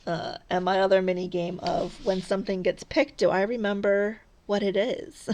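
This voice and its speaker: A woman's voice: mid-range voice, level tone, moderate pace, a little mellow, slight background noise. A woman vlogging casually as she cross-stitches, rambling and chatty, often laughing at herself. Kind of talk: casual stitch-along chat.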